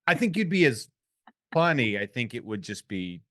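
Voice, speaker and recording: A man's voice: mid-range voice, very animated, normal speed, pushed and bright, no echo, studio quality. A man hosting a podcast, chatting and joking with his guest in a loose conversational way. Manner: joking, conversational, lots of fillers. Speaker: podcast host. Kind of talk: casual podcast interview.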